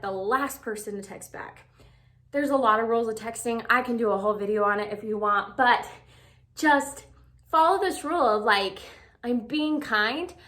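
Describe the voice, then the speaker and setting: Young female vlogger with a higher voice, chatty and casual, lots of fillers. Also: a bit bright. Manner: chatty, lots of "like" fillers, acts out quoted texts. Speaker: advice vlogger. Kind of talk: casual talk to camera.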